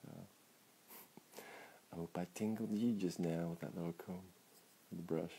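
A man's voice: low voice, steady tone, normal speed, creaky, mellow, slight background noise. A man hosting a casual late-night livestream from a phone at home, rambling with laughs and apologies. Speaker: livestream host.

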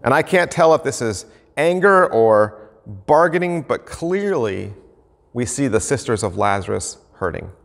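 A man preaching a sermon as pastor, earnest and animated, acting out the questions people ask in grief. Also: medium pitch, measured pace, gravelly, in a large hall.

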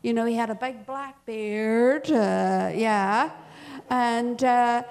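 A woman's voice: fairly high pitch, steady tone, slow pace, a little mellow. An older woman telling a family story at a church service, chatty and often laughing. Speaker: church speaker. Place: church hall.

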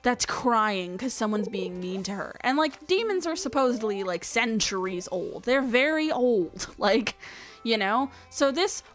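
A woman hosting a let's-play, chatting casually as she plays. She rambles and gushes, packing her talk with "like," in a voice pitched a little high. Soft game music plays quietly underneath. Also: animated, a little slow. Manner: gushing, rambling storyteller with lots of "like". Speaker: let's-play gamer host.

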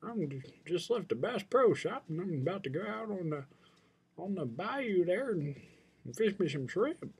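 A young man voicing a cheery fisherman heading out on the bayou for shrimp, in a folksy, drawn-out manner. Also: sits high, big pitch swings, breathy edge, voice pushed up, full character voice.

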